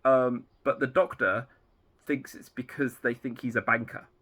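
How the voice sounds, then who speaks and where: A man's voice: mid-range voice, steady tone, normal speed, fairly bright tone. A man casually talking through the plot of an episode he has written, rambling loosely with lots of fillers. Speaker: fan writer outlining his own series.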